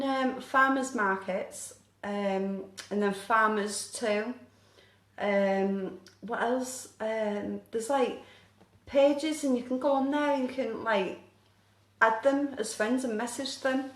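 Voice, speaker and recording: A woman's voice: fairly high pitch, takes it slowly. A woman chatting casually on a live stream, reading viewer comments aloud and answering questions about her hobby in a self-deprecating, apologetic way. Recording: echoey room.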